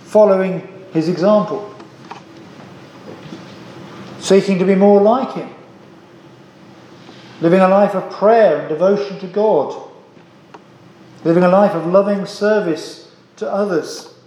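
A man's voice: high voice, takes it slowly, pauses often, dark tone, reverberant, poor audio. A man preaching a sermon, earnest and emphatic, asking the congregation rhetorical questions and repeating key phrases. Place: church.

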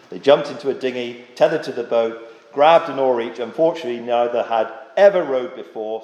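A man's voice: mid-range voice, a little mellow. A man preaching a sermon, earnest and dramatic, with rhetorical questions and frequent restarts. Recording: echoey hall with long reverb.

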